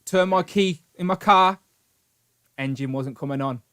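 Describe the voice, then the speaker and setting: A British man hosting a live stream, telling a long story in an animated, rambling way with grumbling asides. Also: fairly high pitch, unhurried, clean tone. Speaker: host. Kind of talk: casual live-stream chat.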